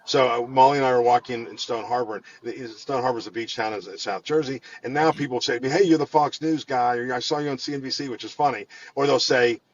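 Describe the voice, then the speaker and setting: Fast-talking man, dull recording. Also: medium pitch. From Pittsburgh area. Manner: animated storyteller with many restarts and repeated words. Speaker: guest, financial firm head. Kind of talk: conversational storytelling in an interview.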